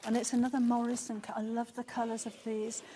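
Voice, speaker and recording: Excitable woman selling live. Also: a little high, fast talker, a little hiss or hum. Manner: excitable, chatty, frequent gasps and laughter. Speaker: shopping channel presenter. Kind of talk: live sales presentation. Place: TV studio.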